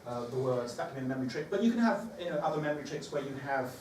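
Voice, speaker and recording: A man leads a teacher training session in a medium-pitched, slightly mellow voice, talking very fast and with animation. He's chatty and thinks aloud with fillers. The sound is echoey, distant from the mic, with background noise.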